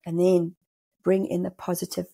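A South African woman talks as a podcast guest, her voice gravelly and rough with breath. She sounds mellow and warm, mid-pitched, and often breaks into laughter and little acted-out voices. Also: moderate pace. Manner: animated, laughs often, acts out inner voices. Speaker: spiritual medium guest. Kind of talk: podcast conversation.

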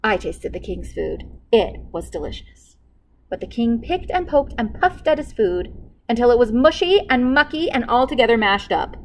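Expressive woman reading a picture book. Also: a little high, normal speed, low-quality recording. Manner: expressive storytelling. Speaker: children's librarian.

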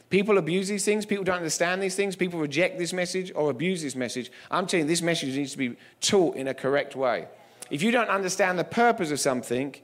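A man giving a sermon as a guest preacher, telling humorous stories in an emphatic way. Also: fairly high pitch.

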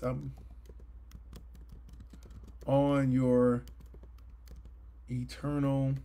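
A man in his late forties giving a Bible study lesson, talking earnestly and conversationally with sudden emphatic bursts. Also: a little high. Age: 40s. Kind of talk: sermon-style Bible teaching. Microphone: livestream mic.

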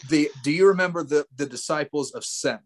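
Animated man telling stories. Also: fairly high pitch, a little fast. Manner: animated storyteller, laughs, acts out his own remarks. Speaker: wrestler, interview guest. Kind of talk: casual interview chat.

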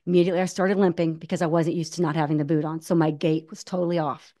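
A woman in her forties tells a personal story as an interview guest. Her voice sits slightly low, and she talks in an animated way with frequent restarts. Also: fast talker. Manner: animated, many restarts, acts out quoted voices. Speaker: guest, ultramarathon runner.

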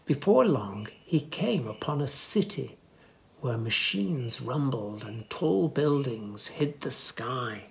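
A man reading a children's picture book aloud, gently pointing things out to young listeners in soft asides and lifting his voice for the animals' lines. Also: mid-range voice, lively intonation, slow, gravelly, slight background noise. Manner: lifts voice for animal speech without distinct characters. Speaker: children's story reader.

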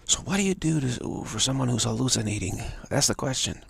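A man giving a live spiritual talk, halting and repeating words as he tells a story and acts out the voices in it. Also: mid-range voice, expressive, gravelly, a bit bright, breathy edge, no echo. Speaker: spiritual teacher.

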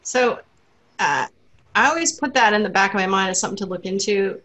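A woman's voice: mid-range voice, a little fast, bright, forceful tone, rough recording. A woman science writer answering audience questions in a webinar, earnest and worried, talking loosely with fillers over a video call. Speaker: science writer and author guest.

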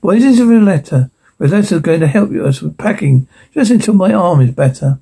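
A man reading the lines of a busy, bossy mother from a film script, in a raised, gravelly voice. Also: high voice, lively intonation, fairly quick, mellow, exaggerated voice. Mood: brisk.

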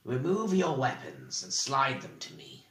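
Guy doing a stern bald interrogator, cold and bossy, bright voice in an echoey room. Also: medium pitch, wildly swooping pitch, measured pace. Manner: commanding, cold, clipped.

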